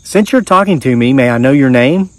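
Man doing a startled mom who yelps and asks questions, high and flustered. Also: animated, brisk, no room sound, close to an everyday voice. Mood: curious. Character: startled mother, woman, curious and bold.

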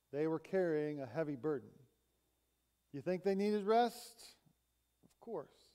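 A man's voice: a little high, mellow, clean tone. A male pastor delivering a sermon in a church, telling a story as he preaches. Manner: storytelling, retelling a conversation. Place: church sanctuary.

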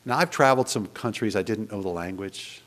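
A man preaching a sermon in church, animated and conversational, posing many rhetorical questions to the congregation. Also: fairly low pitch, fairly quick. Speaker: pastor.

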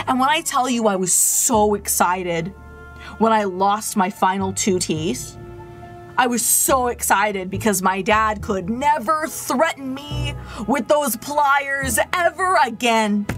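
Slow-talking woman chatting over gameplay. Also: high-pitched. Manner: chatty, animated storyteller talking to chat. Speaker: game streamer. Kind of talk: casual gameplay chat.

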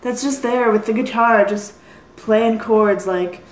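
A woman's voice: fairly high pitch, fairly even intonation, slow, reverberant, a little hiss or hum, poor audio. A young woman rambling through a casual vlog, apologizing often and putting herself down. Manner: rambling, apologetic, self-deprecating. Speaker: vlogger. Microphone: built-in computer mic.

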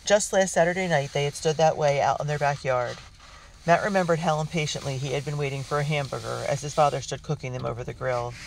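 Reading a children's adventure story as scripted audiobook narration, this man talks fast in a slightly high voice with vocal fry. He gives the characters voices and reads steadily despite small slips and restarts. A little hiss or hum is audible.

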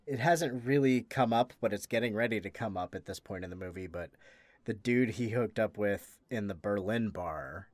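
Guy co-hosting a podcast, lowish voice, dry close sound, rambly and halting. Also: no echo. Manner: rambling, halting, with many restarts. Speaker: podcast co-host. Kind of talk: casual chat about a film.

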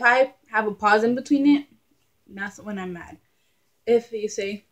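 Young woman vlogger, mid-pitched, chatty and animated. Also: unhurried, long pauses. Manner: chatty, animated, laughs often. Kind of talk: casual talking-to-camera vlog.

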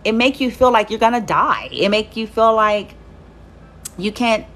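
A woman's voice: a little high, a little slow, a bit bright. Woman, casual motivational speaker; blunt, emphatic, conversational, drops the odd curse word. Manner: emphatic, conversational, peppered with "you know" and "okay?". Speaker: speaker sharing life advice. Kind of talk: casual motivational talk to camera.

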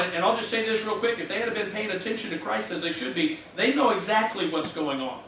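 A man's voice: high voice, fast talker, sharp tone. A man in his thirties, a pastor, preaching a sermon with an earnest, heartfelt personal story and interjected praise. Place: church sanctuary. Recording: echoey church from a distance, faint hum.

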